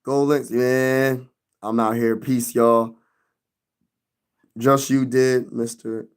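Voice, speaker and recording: A man's voice: medium pitch, little pitch movement, slow, smooth. A young man hosting a sports live stream, venting loosely in slang and talking back to his chat.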